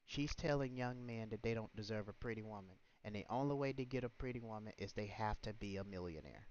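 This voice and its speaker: Over muffled, lo-fi stream audio, a livestream host delivers fast, ranting commentary in a lowish, darkish voice, scolding indignantly and asking one rhetorical question after another.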